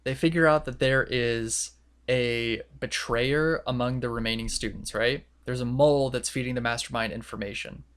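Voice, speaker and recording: Young male podcast co-host, mid-pitched, casual and rambling, acts out quotes. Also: steady tone, normal speed, fairly bright tone, smooth. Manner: rambling, filler-heavy retelling with quoted voices.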